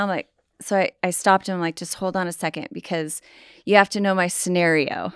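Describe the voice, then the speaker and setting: A woman's voice: fairly low pitch, fairly quick, smooth, no echo, studio quality. A middle-aged woman, a podcast guest, telling family stories in casual conversation and acting out quoted dialogue. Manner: animated storytelling, acts out quoted dialogue. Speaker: podcast guest, pastor's wife.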